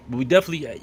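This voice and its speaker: A man hosting a podcast, talking in an excitable, effusive and jokey way. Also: a little high. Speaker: podcast host. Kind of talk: casual chat.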